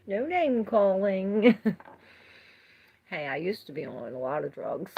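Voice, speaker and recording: Unhurried woman tarot streamer, chatty and quick to laugh, with a low fry in the voice. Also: big pitch swings, dark tone, dull audio. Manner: chatty, laughs often, reads viewer comments aloud. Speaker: tarot reader. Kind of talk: casual livestream tarot reading.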